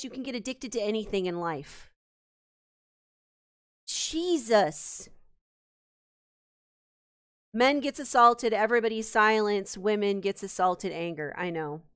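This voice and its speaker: A woman's voice: fairly high pitch, a bit bright, clear, resonant tone. A woman streamer venting angrily and profanely to her live chat, exasperated and swearing. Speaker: streamer host. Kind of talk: heated live-stream rant.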